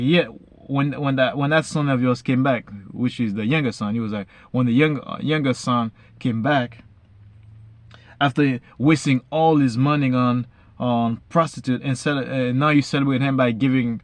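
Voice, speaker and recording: A man reading Bible verses slowly, then retelling each one casually in everyday slang. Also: mid-range voice, no room sound. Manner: frequent fillers and restarts, says basically a lot. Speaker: Bible reader and explainer. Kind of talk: casual Bible study talk.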